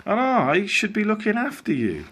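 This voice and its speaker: A man voicing a young girl, an emotional caring big sister, in a high excitable voice. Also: moderate pace, background noise, exaggerated voice.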